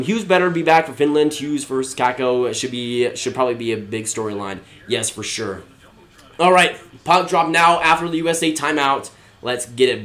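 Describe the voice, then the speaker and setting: A young man live streaming a watch-along, excitable, swinging from low muttered remarks to shouting and laughing.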